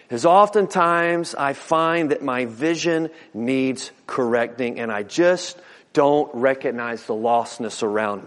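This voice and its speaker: Middle-aged guy preaching, pretty high voice, folksy, repeats himself a lot, big echoey church. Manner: folksy preaching with repeated words and alliterative lists. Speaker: pastor. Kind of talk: sermon. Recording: long hall reverb.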